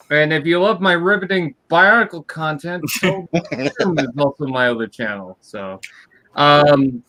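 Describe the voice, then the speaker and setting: Man, bright tone, somewhat high, playful, joking, panel guest, video call. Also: poor audio. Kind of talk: livestream panel chat.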